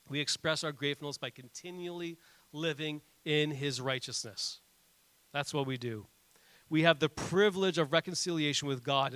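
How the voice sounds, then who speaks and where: A man in his thirties preaching a sermon, earnest and animated, telling family stories between points with frequent restarts. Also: fairly high pitch, no echo. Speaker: pastor.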